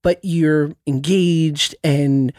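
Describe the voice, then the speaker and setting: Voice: mid-range voice, steady tone, drawn-out words, a little mellow, no room sound, clean studio sound. A podcast host asking questions and riffing playfully in casual chat. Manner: playful, jokey rants.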